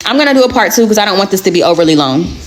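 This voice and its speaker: Young woman, storytime vlog, candid and slangy, average pitch, plain delivery. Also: lively intonation, rapid-fire, slight background noise. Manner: candid, slangy, blunt retelling.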